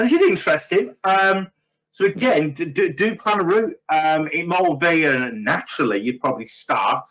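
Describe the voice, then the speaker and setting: Guy running a training webinar, casual and rambling, middling pitch, muffled sound. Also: a bit bright. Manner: chatty, filler-heavy, self-deprecating asides. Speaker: trainer for estate agents.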